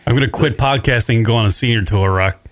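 A man's voice: medium pitch, fast, dry recording. A man hosting a podcast, telling a long rambling story in casual chat, swearing freely. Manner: profane, rambling, laughs mid-story. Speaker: podcast host.

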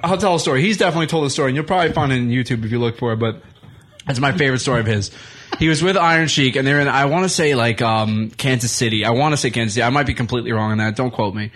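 A man's voice: mid-range voice, very fast, fairly bright tone. A man who is a guest comedian and wrestler, telling rambling, profane anecdotes as casual chat on a talk radio show in the studio.

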